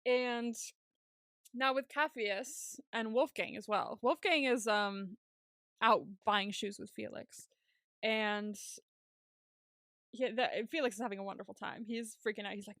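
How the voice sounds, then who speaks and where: With a fairly high voice and a slightly slow pace, a podcast co-host gives a casual, animated recap of a TV episode. She acts out what the characters said and laughs frequently, captured in a dry recording with clean studio sound.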